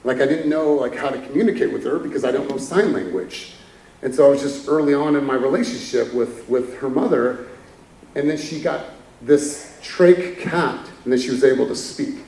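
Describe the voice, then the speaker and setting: A man's voice: medium pitch, moderate pace, darkish tone, distant mic. Chuckling man speaking in an echoey hall. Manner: candid, chuckling storyteller. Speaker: keynote speaker. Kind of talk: motivational stage talk. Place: conference hall stage.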